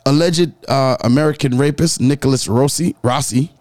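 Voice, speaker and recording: A man hosting a podcast, reading news stories in a lively, joking way. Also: mid-range voice, moderate pace, dry recording. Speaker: podcast host. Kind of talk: casual podcast news chat.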